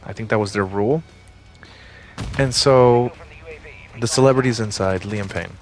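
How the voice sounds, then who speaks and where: A man's voice: fairly low pitch, unhurried, soft background music. A man and former security guard, casually telling a story in a rambling, profane way with lots of fillers.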